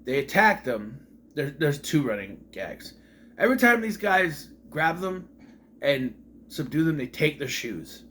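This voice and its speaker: A man's voice: a little high, big pitch swings, measured pace, fairly bright tone, slight background noise. A man giving a casual, opinionated movie review, ranting with sarcastic and exasperated asides.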